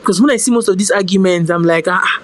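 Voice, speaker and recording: A Nigerian woman speaks as a podcast guest in an unhurried, mid-pitched voice, recounting her own story with animation. She drops into pidgin phrases now and then and trips over her own starts. The talk is loose and conversational. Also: a little hiss or hum, low-quality recording. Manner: animated, slips into pidgin phrases, restarts often. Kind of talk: casual storytelling chat.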